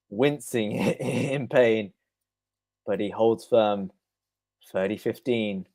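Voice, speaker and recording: A man's voice: fairly low pitch, takes it slowly, gravelly, long pauses, dark tone. A man giving live play-by-play of a tennis match on a stream, calling each shot in turn and answering chat comments between points.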